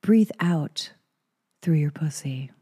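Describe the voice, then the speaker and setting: A woman doing a calm, serious teenage girl. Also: low voice, slow pace, husky, exaggerated voice. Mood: calm instructing.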